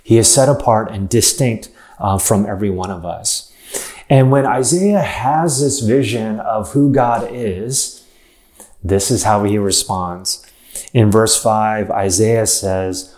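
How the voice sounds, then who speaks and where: A man's voice: medium pitch, a little slow, a little mellow. Guy preaching a sermon, repeats words for emphasis, roomy echo. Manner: emphatic repetition, rhetorical questions.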